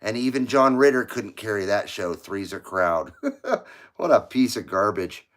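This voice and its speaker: A man's voice: lowish voice, moderate pace, a bit bright. A middle-aged man from the United States hosting a CB radio livestream, chatting casually and rambling, often laughing at his own jokes.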